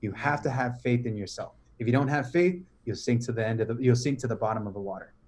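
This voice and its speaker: A man's voice: medium pitch, fast. A man who is a podcast guest, telling a story as a casual, slang-heavy pep talk. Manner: slangy, animated, says "bro" and "right?" often.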